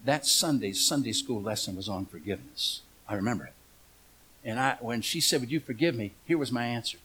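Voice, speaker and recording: A man's voice: mid-range voice, brisk, a bit bright, breathy edge. A middle-aged man preaching a humorous storytelling sermon, folksy and joking, asking the congregation questions.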